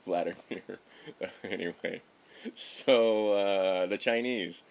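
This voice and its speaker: Middle-aged male vlogger, lowish voice, sarcastic off-the-cuff political ranting with frequent restarts. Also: lively intonation, moderate pace. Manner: rambling, sarcastic, self-interrupting. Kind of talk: casual political commentary.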